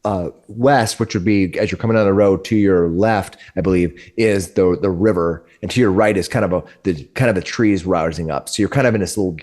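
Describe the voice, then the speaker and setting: A man's voice: deep voice, a little fast, hardly any pauses, a little mellow. A young adult man narrating as game master, with frequent hesitations and restarts. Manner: hesitant, many uh's and restarts.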